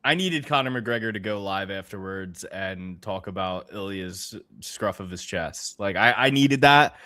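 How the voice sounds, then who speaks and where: Male Philadelphian co-host, animated swearing rants, swinging intonation. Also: low-pitched, measured pace. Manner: animated ranting, swears, laughs often. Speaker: podcast co-host. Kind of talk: casual sports betting podcast chat.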